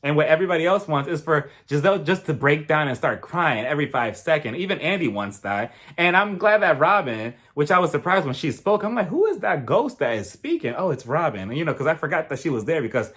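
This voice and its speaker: A man giving a casual, gossipy recap of a reality show, opinionated and animated, often breaking into laughs. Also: a little high, fast talker, hardly any pauses.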